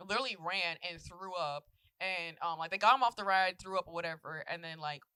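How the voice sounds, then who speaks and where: A young woman in her twenties spins a rambling, profane story in casual podcast chat. Her voice is bright and forward, recorded close and dry on a podcast mic. She acts out the voices of the people in her story. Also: on the low side, brisk, smooth, no room sound. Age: 20s. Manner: animated storytelling, swears freely, acts out quotes, laughs often. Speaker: podcast co-host.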